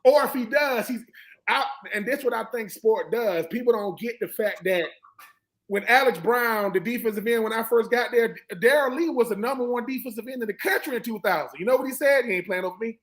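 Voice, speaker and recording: A middle-aged man with a notably high voice, talking sports in an animated, preachy way. A former college football player and panel guest, he acts out the lines of coaches and players as he tells his stories. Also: brisk, poor audio. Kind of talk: animated sports talk, storytelling.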